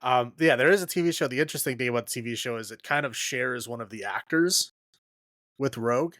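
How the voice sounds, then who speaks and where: A man's voice: mid-range voice, fast talker, a bit bright, no echo. A man hosting a casual horror podcast, chatting with a co-host and laughing often as he trails off mid-thought.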